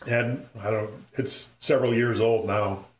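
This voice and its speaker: A middle-aged man with a northern Minnesota accent, chatting excitedly while commenting on his own play. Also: lowish voice, measured pace. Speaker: streamer. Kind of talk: casual live-stream commentary. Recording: echoey room with loud noise.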